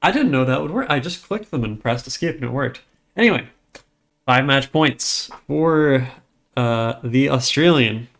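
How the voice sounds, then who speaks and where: A man's voice: mid-range voice, lively intonation, unhurried, gravelly, a bit bright. A man casting a rhythm game tournament live, chatty and frank, getting flustered over stream trouble. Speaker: tournament caster. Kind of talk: casual live game commentary. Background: game music.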